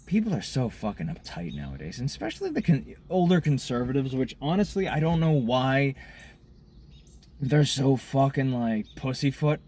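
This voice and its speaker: A man ranting in a profane monologue to camera, smoking a cigar as he talks, swinging between loud outbursts and muttered asides. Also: medium pitch, huge pitch swings, normal speed. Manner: smoking a cigar while talking. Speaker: vlogger.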